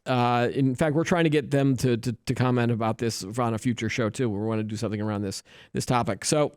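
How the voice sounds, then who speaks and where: A man's voice: medium pitch, brisk, a little mellow, smooth, no room sound, studio quality. A man hosting a tech news show, chatting casually and joking, with many restarts.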